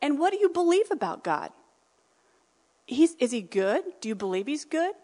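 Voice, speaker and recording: A woman preaching a sermon in a conversational, animated way, acting out the voices she quotes. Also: high-pitched, moderate pace. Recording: reverberant hall.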